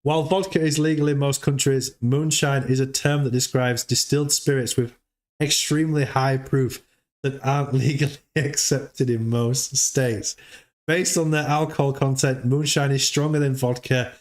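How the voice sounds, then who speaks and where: A man hosts a casual livestream in a mid-pitched voice. He rambles, stumbles over repeated words and keeps his chat loose and chatty. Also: steady tone, normal speed. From United Kingdom. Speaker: livestream host.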